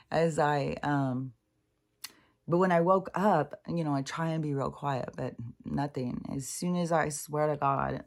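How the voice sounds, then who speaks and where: Her voice deep and gravelly, a middle-aged woman who vlogs about spirituality wanders through a loose monologue, cursing openly, laughing often and drifting off mid-thought.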